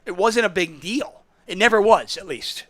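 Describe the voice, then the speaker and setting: A man's voice: sits high, normal speed, bright, forceful tone, no room sound. A man hosting a casual call-in poker podcast, telling stories in a chatty, rambling way. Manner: chatty, storytelling, self-interrupting. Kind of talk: casual solo call-in show talk.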